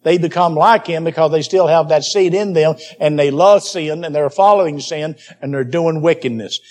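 A man's voice: a little high, moderate pace, darkish tone. A man preaching a Bible teaching sermon, emphatic and repeating key phrases for stress.

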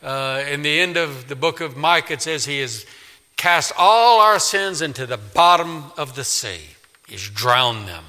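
Brief: man, pastor mid-sermon, piercing bright tone, slightly high pitch, emphatic with big swings from loud to hushed. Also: animated, measured pace. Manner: emphatic, swings from loud declaring to quiet pleading. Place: church sanctuary. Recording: long reverb of a large hall.

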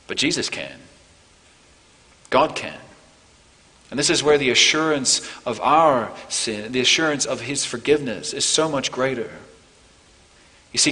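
A man preaching a sermon as pastor, earnest, building to emphatic peaks and then softening. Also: mid-range voice, long reverb tail, poor audio. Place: church.

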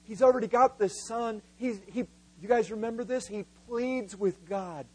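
Male preacher, high voice, emphatic sermon delivery that slows for stress. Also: darkish tone, slightly rough, poor audio. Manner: emphatic, voices biblical figures in quotes, slows for key words.

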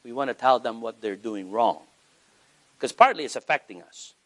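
A man preaching a sermon as pastor, animated, with wide swings in pitch for emphasis. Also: moderate pace.

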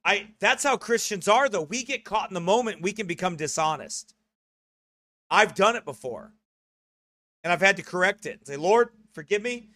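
A man's voice: high voice, expressive, normal speed, pauses often, sharp tone, no room sound, studio quality. A man preaching a sermon in a conversational, earnest way, often correcting himself.

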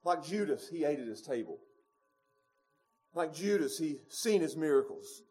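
Preacher, man in his thirties, high voice, quiet-to-loud emphatic sermon delivery in a church. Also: lively intonation, moderate pace. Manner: swings between quiet low stretches and loud emphatic peaks, with chuckles. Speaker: pastor. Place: church sanctuary.

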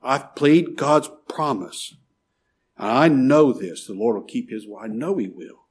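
A middle-aged man preaching a sermon, pleading and emphatic, swinging from loud rises to soft drops. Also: medium pitch, lively intonation, unhurried, breathy edge. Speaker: pastor.

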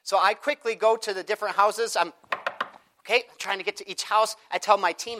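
A man preaching a sermon, telling a personal story in an animated way and acting out the people in it. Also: high voice, a little fast. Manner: animated storytelling, acts out quoted voices.

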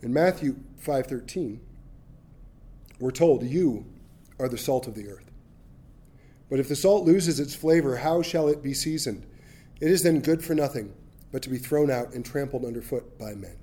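Mellow-voiced pastor preaching with humor. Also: male voice, mid-range voice, moderate pace, long pauses. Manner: humorous, animated storytelling with acted-out voices. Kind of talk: sermon.

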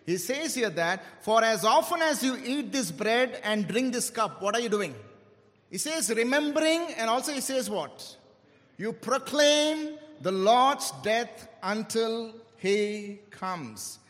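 A man preaching a sermon, stressing key words and slowing down for emphasis. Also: high-pitched, animated, a bit bright. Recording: long hall reverb.

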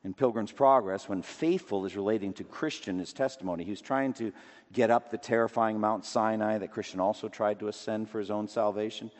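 A man preaching a sermon with emphatic delivery, rising to loud declamation and dropping low again. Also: fairly quick. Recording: long reverb of a large hall.

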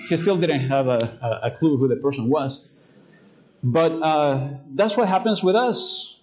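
A male pastor preaching a sermon, hesitant with fillers when telling a story and slowing down to read scripture aloud. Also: mid-range voice, animated, a little mellow, rough recording.

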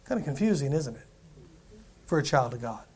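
A man's voice: mid-range voice, very animated, a little fast, darkish tone, husky. A male preacher reading scripture aloud and preaching a sermon emphatically, repeating himself and putting questions to the congregation.

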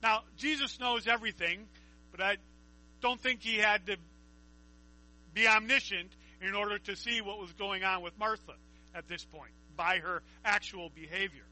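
A man's voice: sits high, moderate pace, bright, forceful tone, poor audio. A man preaching a conversational Bible teaching, reading scripture aloud and asking his listeners questions.

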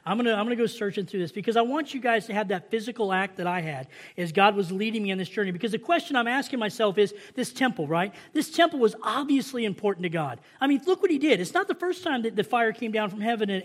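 A man with a Southern accent preaching a sermon, reading scripture slowly and with emphasis, then talking casually with his congregation. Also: high-pitched, fairly bright tone.

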